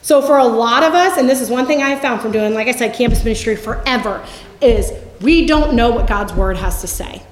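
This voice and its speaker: A woman in her forties giving a Bible teaching talk in a lively storytelling manner. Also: a little high, fairly quick, slight background noise. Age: 40s. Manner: lively storytelling, acts out quotes with laughs. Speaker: campus ministry speaker. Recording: echoey room.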